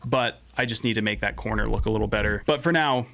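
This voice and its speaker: A man's voice: on the low side, fast, vocal fry, a bit bright. A man chatting casually through a song he is building in his home studio, laid-back and self-deprecating, sometimes tripping over his words. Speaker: musician making a song on camera. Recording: music playing behind the voice. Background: guitar and drum playback.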